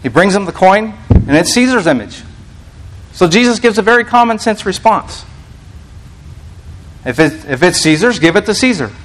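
A man's voice: sits high, sing-song, normal speed, long pauses, a bit bright, slight background noise, rough recording. A man preaching a casual teaching sermon, reading scripture aloud and explaining it in a conversational, restarting manner.

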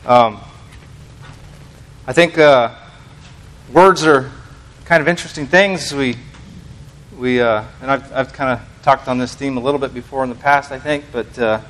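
A man's voice: mid-range voice, normal speed, fairly bright tone. An American man giving an informal sermon to a small congregation, rambling and self-deprecating, full of fillers and restarts. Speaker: lay preacher.

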